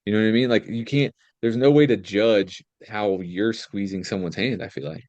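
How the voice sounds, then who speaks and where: A man's voice: on the low side, moderate pace, a little mellow, no room sound, muffled recording. A young man co-hosting a podcast in casual chat, joking and rambling with frequent laughs. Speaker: podcast co-host.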